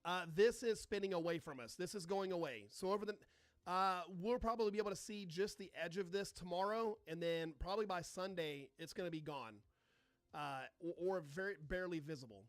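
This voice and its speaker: A man's voice: sits high, fairly quick, no room sound. A man hosting a live astronomy stream, chatting casually, swearing and reading out and answering viewer comments, sarcastic toward trolls. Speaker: astronomy livestream host.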